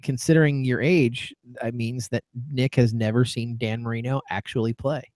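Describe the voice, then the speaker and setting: A man's voice: mid-range voice, steady tone, normal speed, a little mellow, no room sound. A man co-hosting a sports podcast, reading out listener messages with a wry tone. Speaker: podcast co-host. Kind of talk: casual sports talk.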